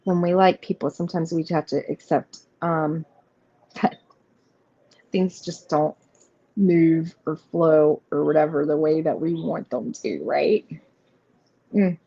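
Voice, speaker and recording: Chatty woman with a gravelly low voice. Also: takes it slowly, long pauses, mellow. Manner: chatty and rambling, many fillers and restarts; reassuring, speaks straight to viewers. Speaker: tarot reader hosting a live stream. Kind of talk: casual live card reading. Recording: slightly muffled stream audio with faint noise.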